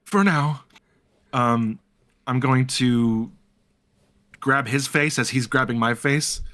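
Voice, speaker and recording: A man's voice: mid-range voice, slow, fairly bright tone. A man playing a character in a tabletop role-playing game, talking through his actions hesitantly with many fillers. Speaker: player.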